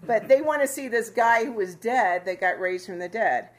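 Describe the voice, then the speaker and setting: A woman casually teaching a Bible passage to a small fellowship group, chatty and quick to laugh with them. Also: on the high side. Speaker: Bible study leader.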